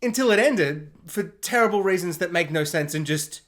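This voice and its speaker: A man giving a sarcastic, animated spoiler review, often slipping into mock voices. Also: high voice, normal speed. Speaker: YouTube reviewer.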